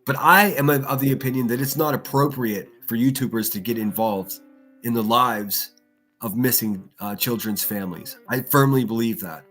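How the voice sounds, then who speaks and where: Husky man ranting angrily. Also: medium pitch, normal speed, fairly bright tone, faint music behind. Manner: heated, profane, repeats himself. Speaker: livestream host. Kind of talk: angry ranting commentary.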